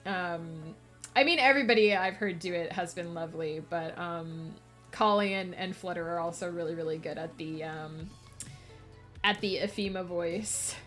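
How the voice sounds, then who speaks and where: A woman's voice: lowish voice, normal speed, fairly bright tone, faint music behind. A woman streamer chatting casually while she writes, rambling and laughing often.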